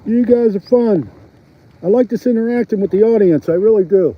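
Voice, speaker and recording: A middle-aged man with a Philadelphia accent and a high voice talks at normal speed while ice fishing on a windy frozen lake. Chatting casually to his livestream viewers and laughing often, he's recorded on a phone strapped to his chest, giving the audio a dull, slightly lo-fi quality.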